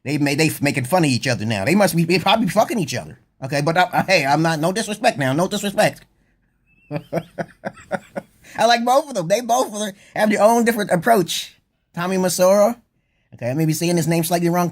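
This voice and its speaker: A man with a fairly high-set voice talks to his viewers in a loose comedic monologue. He swears constantly, wanders off topic and keeps jumping up into an excited, higher tone, then chuckles. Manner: profane, digressive, often breaks into laughter; sudden jumps up into a high excited voice. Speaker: vlogger.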